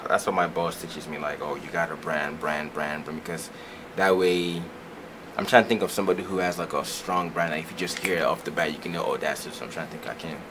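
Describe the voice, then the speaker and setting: Young guy from nigeria, very deep voice, rambly talk show chat, hiss in the background. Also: fairly even intonation, quick pace. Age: young adult. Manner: loose, rambling, laughs loudly. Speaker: guest performer. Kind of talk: casual radio chat.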